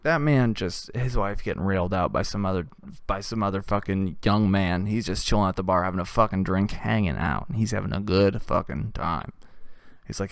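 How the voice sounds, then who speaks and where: A man hosting a comedy show, telling a crude, rambling story with deadpan delivery. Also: low voice, moderate pace, vocal fry, smooth, no room sound, studio quality.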